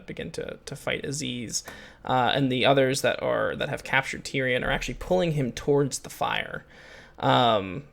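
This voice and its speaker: Gravelly-voiced man running a tabletop game. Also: medium pitch. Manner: halting, many fillers and restarts. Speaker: game master.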